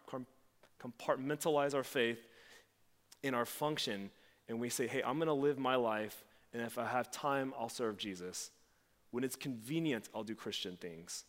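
A man gives a conversational sermon in a church sanctuary, his mid-pitched voice carrying a long hall reverb. He preaches as a pastor and acts out quoted lines with sudden leaps upward in pitch.

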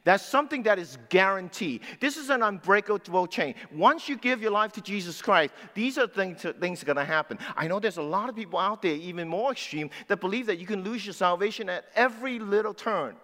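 A man in his sixties preaching a sermon as pastor, swinging between loud emphatic lines and low, quiet asides. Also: lively intonation, a little fast, hardly any pauses. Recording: long hall reverb.

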